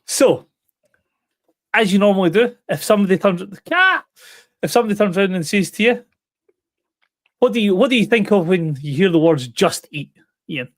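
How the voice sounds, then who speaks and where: A man's voice: sits high, expressive, normal speed, long pauses, dry recording. A man co-hosting a gaming podcast, presenting stories in an upbeat, jokey chat. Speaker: podcast co-host. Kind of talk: casual chat.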